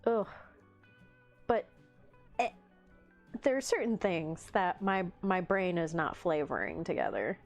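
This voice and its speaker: Woman stream host, unhurried, teasing chat banter with lots of laughter, animated pitch, faint music underneath. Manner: laughs often, playful teasing reactions to chat. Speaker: livestream host. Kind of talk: casual chat reading live chat.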